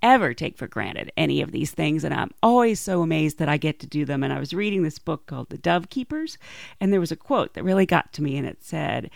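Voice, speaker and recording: A woman hosting a podcast, telling casual stories in an animated way and laughing often. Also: sits low, brisk, vocal fry, no echo, studio quality. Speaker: podcast host. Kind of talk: casual storytelling monologue.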